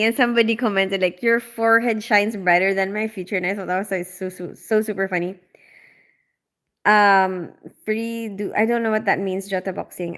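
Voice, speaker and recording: A woman hosting a casual livestream, chatting and reading viewer comments aloud with frequent laughs. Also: fairly high pitch. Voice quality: loud on calls.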